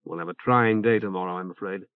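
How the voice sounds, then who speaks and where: A man voicing a calm young male leader who speaks in a measured way. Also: deep voice, clean tone, dry recording, pitched below the performer's own voice, natural voice. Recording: tinny phone-like band.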